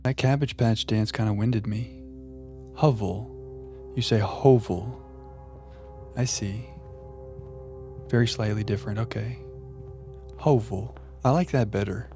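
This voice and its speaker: A man streaming a puzzle game live, chatting playfully with viewers and thinking out loud. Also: on the low side, steady tone, moderate pace, long pauses, soft background music. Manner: playful, chatting to viewers while musing aloud. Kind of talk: live gameplay commentary.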